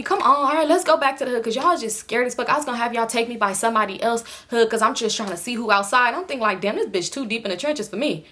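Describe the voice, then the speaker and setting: A young woman tells a story to camera in casual, slang-heavy chat, her voice bright and a little high. She talks fast and acts out her friends' lines, lifting her voice for each one. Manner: animated, acts out quoted friends in raised voices. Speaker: storytime vlogger.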